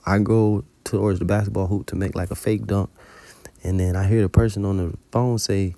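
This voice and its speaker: This religious teacher narrates a dream in an informal testimony, speaking colloquially and cursing heavily. His voice is on the low side with little pitch movement and a dark tone, at normal speed and without echo.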